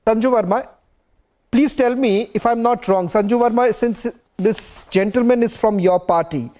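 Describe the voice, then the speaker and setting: A man's voice: extremely high pitch, normal speed, mellow. A man with an Indian English accent moderating a heated TV debate, interrupting guests and repeating himself to take control. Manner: interrupting, repeating commands to hold on. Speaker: news debate anchor.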